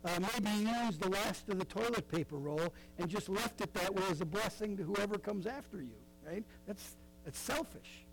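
A man's voice: high-pitched, moderate pace, creaky, over music, rough recording. A middle-aged man preaching a sermon in a conversational way, with frequent asides and fillers. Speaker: pastor.

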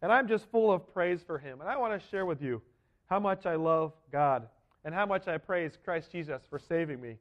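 A man's voice: a little high, lively intonation, normal speed, dull audio. A man giving an earnest, emphatic sermon as a first-person dramatic monologue. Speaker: preacher.

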